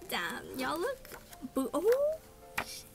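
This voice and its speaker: Excitable young woman, high and unhurried. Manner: excitable, gasping and squealing. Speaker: vlogger. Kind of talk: casual unboxing chat. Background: background music.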